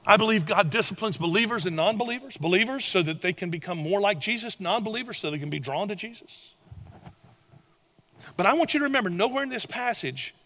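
An older man preaching a sermon, telling animated stories and swinging between loud and hushed delivery. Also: sits high. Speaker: pastor.

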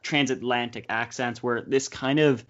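A young man hosting a casual movie podcast, talking fast with quick asides. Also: mid-range voice, steady tone, a bit bright. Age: young adult. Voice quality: chatty, quick asides, frequent laughs. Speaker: podcast host. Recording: slightly dull podcast audio.

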